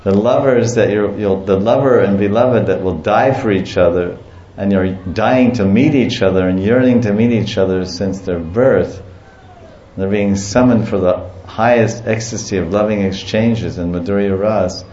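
A man giving a devotional talk in an unhurried storytelling manner, listing things and chuckling as he goes. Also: lowish voice, warm tone. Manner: slow, storytelling, lists and chuckles. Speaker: devotional teacher. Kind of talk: devotional lecture and property tour. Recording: echoey muffled room with faint ambience.

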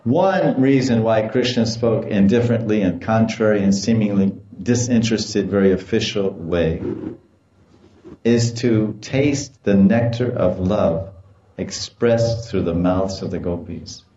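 A man's voice: on the low side, measured pace, echoey room, lo-fi sound, a little hiss or hum. A man giving a devotional lecture, telling stories with animation and acting out quoted voices. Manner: animated storytelling, acts out quoted voices with laughter. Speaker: spiritual teacher.

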